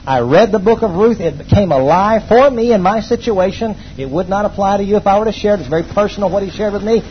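A high-pitched pastor preaches a quick-paced sermon to his congregation in a church hall, pushing lines out loud and then dropping into quiet asides. He calls on the people to say things back to him. The recording sounds dull and a bit lo-fi, with a faint hiss underneath.

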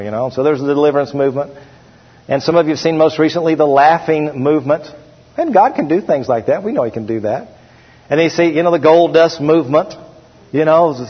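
A middle-aged man preaching a sermon as pastor, slowing down and stressing the scripture verses he reads aloud. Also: a little high, slightly rough. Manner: preaching with slowed, emphatic scripture reading. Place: church sanctuary. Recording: dull, hall-echoed church recording.

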